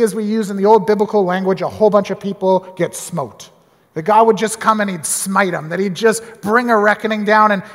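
High-voiced man teaching the Bible. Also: big-room sound. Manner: animated, conversational, with small restarts.

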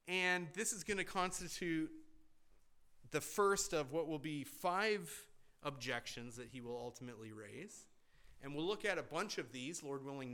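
A pastor preaching a sermon in a church, emphatic and deliberate, with rhetorical questions. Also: male voice, fairly high pitch, bright, forceful tone.

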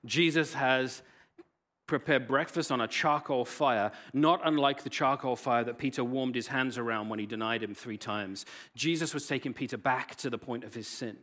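Animated male pastor preaching. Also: medium pitch, moderate pace. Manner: animated storytelling with wide swings in loudness. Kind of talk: sermon.

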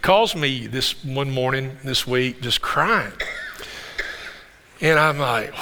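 A man's voice: medium pitch, takes it slowly, vocal fry, sharp tone. A male pastor preaching a sermon in a church, telling stories in a conversational way and repeating words as he gets going. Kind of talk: sermon with storytelling. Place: church sanctuary. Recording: long reverb of a church hall.

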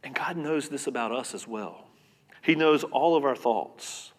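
A man preaching a sermon as pastor, earnest and conversational, repeating words and swinging between loud and soft. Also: mid-range voice, measured pace. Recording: long reverb of a hall.

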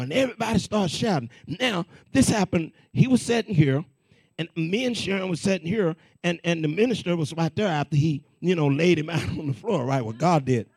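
A man preaching and telling a personal testimony in an animated, repetitive, conversational way. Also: a little high, a little fast, breathy edge, no room sound. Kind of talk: sermon testimony storytelling.

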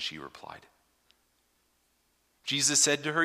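A man preaching a sermon, reading scripture aloud and explaining it, swinging from hushed asides to emphatic points. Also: a little high, wildly swooping pitch, a little slow, pauses often. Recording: long hall reverb.

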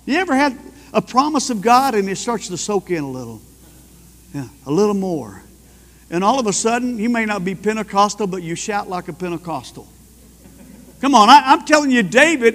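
A high-pitched man preaching with fervent energy, his voice swelling into loud bursts of praise. The sound rings with a long reverb, like a church hall. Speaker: pastor. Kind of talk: sermon.

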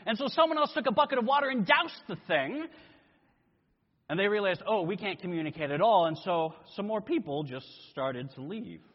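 Animated male preacher in an echoey hall. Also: sits high, moderate pace. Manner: animated storytelling, acting out voices. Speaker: pastor. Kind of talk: sermon. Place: church sanctuary. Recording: echoey hall, dull lo-fi sound.

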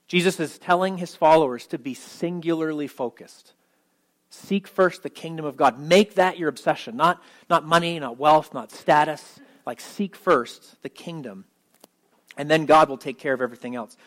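Man, pastor, conversational sermon, higher-pitched voice, animated, casual asides. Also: low-quality recording. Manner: casual and animated, with frequent asides and check-ins.

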